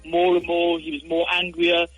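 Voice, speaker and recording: A man speaking as a radio show guest in a casual discussion, earnest and measured. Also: on the high side, completely flat delivery, breathy edge, no room sound, highs cut off, faint music behind.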